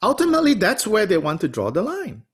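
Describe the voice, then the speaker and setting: A man's voice: normal speed, slightly rough. A man teaching a study class, answering a student with rhetorical questions and small laughs. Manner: animated, wide-ranging pitch, rhetorical questions, small laughs.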